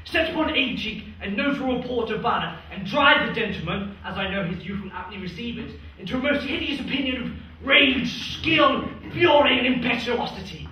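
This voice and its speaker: A student actor playing a boisterous, scheming drunken knight in a Shakespeare stage performance, loud and declamatory. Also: male voice, extremely high pitch, animated, moderate pace, few pauses, a little hiss or hum, full character voice. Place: theatre stage. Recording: echoey hall from far off.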